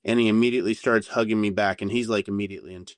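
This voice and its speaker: A man telling a candid story as a podcast guest, animated and full of swearing. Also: fairly low pitch, very fast, no room sound, studio quality. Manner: profane, animated anecdote-telling.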